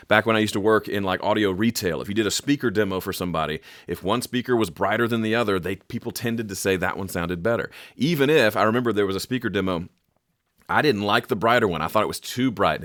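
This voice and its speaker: A man's voice: lowish voice, no echo, clean studio sound. A middle-aged man explaining audio mixing in a casual, jokey way, now and then imitating sounds with his voice. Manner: animated, jokey, makes vocal sound effects. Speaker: music production teacher. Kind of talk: casual instructional talk to camera.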